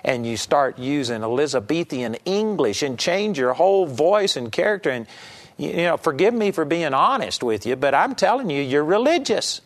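A man's voice: fairly high pitch, big pitch swings, normal speed. A man with a Texan accent giving an earnest, folksy sermon as a Bible teacher. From Texas. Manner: folksy and earnest, acts out mock prayers. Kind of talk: conversational sermon.

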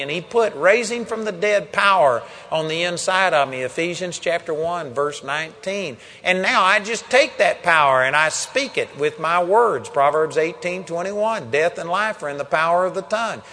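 A man's voice: on the high side, sharp tone. A man preaching a sermon at a seminar, emphatic, quoting scripture by chapter and verse. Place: large seminar hall. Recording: long reverb of a seminar hall.

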